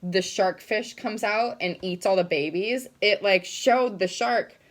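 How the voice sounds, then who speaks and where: A woman's voice: mid-range voice, unhurried. Young woman, casual vlog chat, gushing, emotional, lots of ums. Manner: gushing, emotional, many fillers. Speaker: vlogger.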